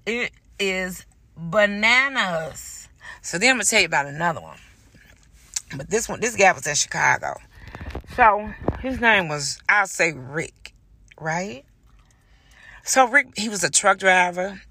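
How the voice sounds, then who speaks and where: A woman with a raspy voice telling stories in a casual monologue, blunt and profane, acting out both sides of each exchange. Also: on the low side, unhurried, dry recording. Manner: blunt, profane, animated storytelling. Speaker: podcast host.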